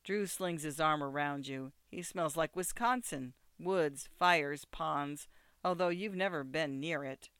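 Bright, clear male audiobook narrator. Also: on the high side, measured pace, dry recording. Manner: steady, second-person storytelling.

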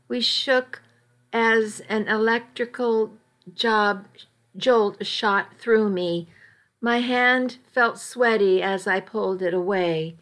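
A woman narrating a first-person story in a calm, even reading voice. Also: mid-range voice, slow.

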